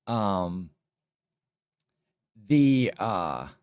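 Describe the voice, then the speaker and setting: A man hosting a casual livestream, reading viewer comments aloud and rambling with many pauses. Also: sits low, big pitch swings, a little mellow, clear, resonant tone, dry recording. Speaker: livestream host.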